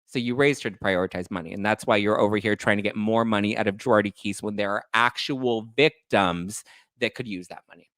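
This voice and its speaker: A man's voice: on the low side, brisk, a bit bright, no echo. Sassy ranting male podcast host. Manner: sassy, ranting, acts out both sides of arguments. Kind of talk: heated commentary.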